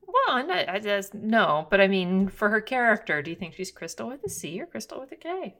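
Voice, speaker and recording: A woman's voice: mid-range voice, sing-song, fairly quick, a bit bright. A woman co-hosting a podcast, chiming in with playful, joking asides in casual chat. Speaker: podcast co-host.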